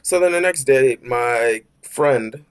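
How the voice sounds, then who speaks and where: A man's voice: medium pitch, slow, smooth. A young man telling a work story in a rambling, slangy storytime rant, cursing and saying "bro" constantly. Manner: rambling, with many fillers and restarts.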